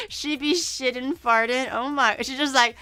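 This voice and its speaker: Bright, giggly woman streamer. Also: sits high. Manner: giggly, rambling, chatty with many restarts. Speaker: VTuber streamer. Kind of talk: casual live-stream chat.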